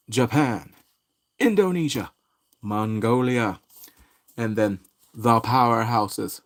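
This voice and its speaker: Playful man with a lively, swooping voice. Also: mid-range voice, a little fast. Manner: playful, jokey, chatty. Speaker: pop culture vlogger. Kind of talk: casual commentary.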